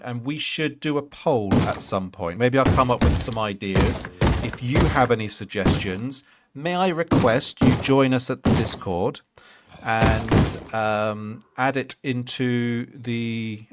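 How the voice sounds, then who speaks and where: A man in his thirties streaming a block-building game, chatting casually and answering his chat with jokey asides. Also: medium pitch. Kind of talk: casual Minecraft livestream chat. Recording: loud background noise.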